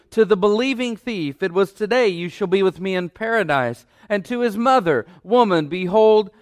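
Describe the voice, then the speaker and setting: A man's voice: sits high, moderate pace, few pauses, no echo, clean studio sound. A man preaching a sermon from a church stage, emphatic and repeating key phrases for weight.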